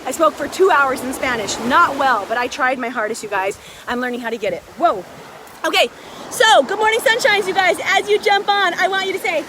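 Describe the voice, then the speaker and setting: A woman hosting a casual motivational live stream outdoors on a beach, filmed on a phone, chatty and excitable, a little out of breath. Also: sits high, fairly quick. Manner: chatty, excitable, greets viewers by name. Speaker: live video host. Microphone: phone held by a friend. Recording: faint surf noise outdoors.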